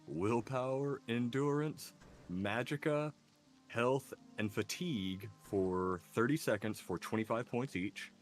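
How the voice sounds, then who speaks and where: A man chatting casually over a game, wry and deadpan in his jokes. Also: mid-range voice. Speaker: co-host of a game let's play. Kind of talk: casual gameplay chat.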